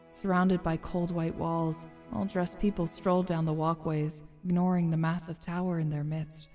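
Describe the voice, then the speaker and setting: A woman streamer reads a story game's narration aloud in a measured, expressive way and adds casual comments. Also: on the low side, in a large hall. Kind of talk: reading game narration aloud with casual asides.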